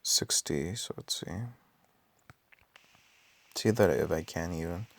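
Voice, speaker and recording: A man with a raspy, just-woken-up voice, thinking aloud with many ums and self-corrections during casual gameplay commentary. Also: low voice, slow pace, fairly bright tone. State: just woke up. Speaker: mobile game player.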